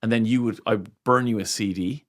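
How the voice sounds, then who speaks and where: A middle-aged radio presenter from Ireland tells stories with real animation in a casual interview, acting out the voices of the people he quotes. His voice is lowish and his delivery brisk.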